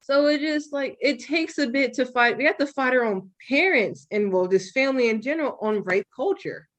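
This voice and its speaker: A young woman hosts a podcast with a slightly high voice. She talks frankly and swears freely. She tells her stories with a lot of animation. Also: moderate pace. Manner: frank and profane, animated storytelling. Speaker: podcast host. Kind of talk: candid podcast conversation.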